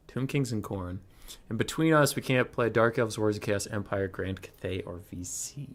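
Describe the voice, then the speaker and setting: A man's voice: fairly low pitch, normal speed. A young man casually commentating his own strategy game stream, chatty and thinking aloud.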